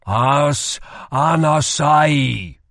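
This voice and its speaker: A man's voice: a little high, drawn-out words, creaky, a bit bright, dry recording, studio quality, voice pushed up, full character voice. A man voicing a serious, guarded young magician who speaks in short, controlled lines. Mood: commanding. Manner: terse, controlled.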